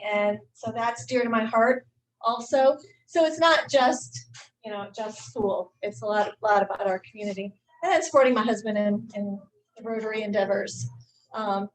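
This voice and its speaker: A middle-aged woman with a slightly high voice gives an informal talk at a club meeting. She speaks in a halting way, with frequent fillers and restarts. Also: low-quality recording. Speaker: high school teacher and staff speaker.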